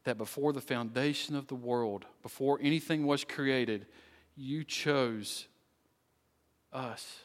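A man preaching as pastor, closing his sermon with an earnest appeal and a slow, pleading prayer. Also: medium pitch, in a large hall. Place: church sanctuary.

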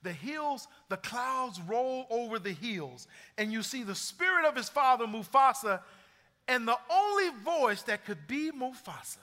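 A man's voice: very high voice, sing-song, unhurried, bright, forceful tone. A middle-aged man preaching a sermon as pastor, building emphasis and retelling stories with energy. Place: church sanctuary. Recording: long hall reverb.

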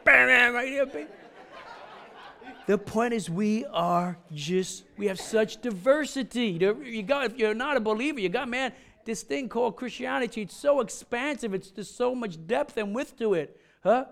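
A man's voice: very high-pitched, creaky. A middle-aged man preaching a casual, joking sermon, chatty and rambling with many asides. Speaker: pastor.

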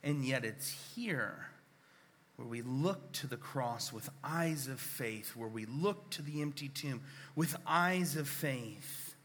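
A man preaching a sermon as a pastor, unhurried and earnest, sometimes sinking to a near whisper. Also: mid-range voice, animated, fairly bright tone, long reverb tail. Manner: unhurried, earnest, drops to a near whisper when reading scripture.

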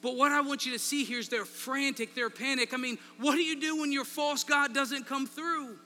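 A man preaching a sermon, swinging between loud emphasis and quiet asides. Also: very high voice, fairly even intonation, moderate pace. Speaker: pastor. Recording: long reverb in a large hall, faint mains hum.

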